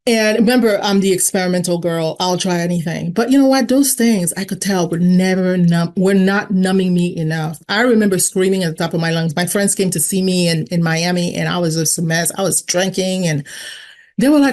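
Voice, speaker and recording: Frank, animated woman telling her story. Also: moderate pace. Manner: animated, jumps in pitch when acting out quotes; frank and conversational, with many fillers. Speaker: guest sharing her recovery story. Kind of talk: candid personal storytelling.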